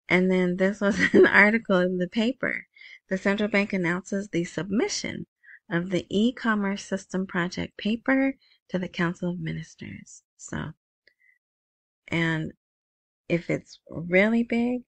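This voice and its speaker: A woman's voice: on the low side, measured pace, no echo. A woman hosting a currency news show, reading headlines aloud and adding chatty asides. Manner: chatty, reads headlines then comments with asides. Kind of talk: casual commentary reading news articles.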